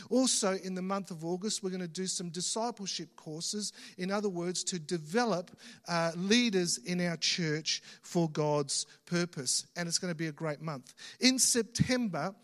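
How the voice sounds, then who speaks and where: A man's voice: high voice, fairly bright tone. A man, a pastor giving church announcements from the pulpit with plenty of enthusiasm and frequent ums and restarts. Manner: enthusiastic, many fillers and restarts. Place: church auditorium. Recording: long reverb in a church hall.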